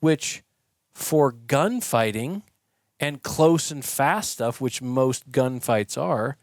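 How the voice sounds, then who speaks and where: Man, podcast guest, mid-range voice, animated explainer, casual, dry close recording. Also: medium pitch, takes it slowly, dry recording. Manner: animated storyteller, acts out quoted yelling. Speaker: podcast guest, shooting instructor. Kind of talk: conversational explaining. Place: podcast studio.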